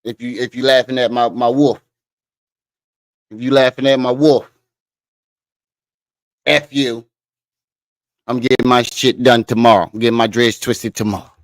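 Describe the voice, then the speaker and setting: Long pauses break up this man's mid-range, fairly even speech at normal speed, with no room sound. He's a laid-back, profane livestream host in his living room, chatting with viewers and laughing at himself as he reads comments and curses freely.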